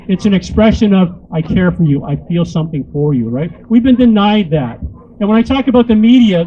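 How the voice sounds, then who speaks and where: A man's voice: sits high, warm tone, a little hiss or hum, low-quality recording. A man, a motivational speaker and corporate trainer, giving a joking, crude, rousing speech to a crowd into a handheld microphone.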